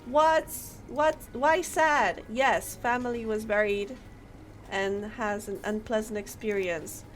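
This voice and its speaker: A woman streamer giving live gameplay commentary, reacting with excited laughter and disbelief. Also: fairly high pitch, slow pace, slight background noise.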